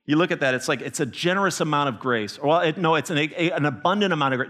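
A man preaching a sermon as a missionary, telling stories with animated emphasis and frequent restarts. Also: fairly high pitch, quick pace, hardly any pauses. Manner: animated storytelling with restarts, rising to emphatic peaks.

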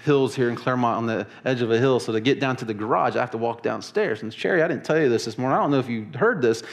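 A man preaching to his congregation, telling the story with lively emphasis and acting out quoted lines. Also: mid-range voice, quick pace. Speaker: pastor. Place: church service in a large hall.

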